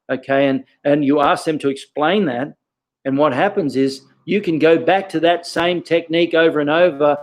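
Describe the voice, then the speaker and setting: A man, a karate instructor giving casual teaching advice, peppering his talk with questions and "okay". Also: medium pitch.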